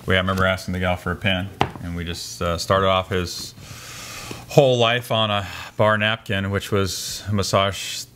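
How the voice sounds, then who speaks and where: Man, very deep voice, casual podcast co-host, faint hiss. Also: flat delivery, moderate pace, a bit bright. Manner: interviewing, prompting with questions. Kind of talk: casual chat.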